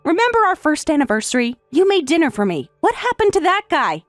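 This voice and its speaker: In this text-to-speech story reading, a high-pitched, sing-song synthetic woman's voice moves a little fast as she plays a weary young wife answering back firmly and pointedly, in a defiant mood. No room sound; soft background music plays.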